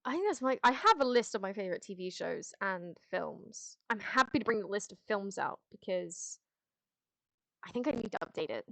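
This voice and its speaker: A woman's voice: mid-range voice, big pitch swings, moderate pace, vocal fry, a bit bright, dry recording. A woman streamer on a headset, chatting casually with her chat in a rambling, candid way, full of restarts and the odd swear. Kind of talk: casual livestream chat, answering chat.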